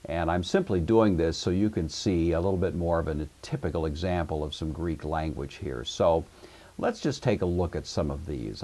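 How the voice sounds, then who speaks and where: Deep-voiced man teaching a lesson. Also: a little mellow, husky. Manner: measured, explanatory, frequent "uh" fillers. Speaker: Greek teacher. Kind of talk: recorded course lecture.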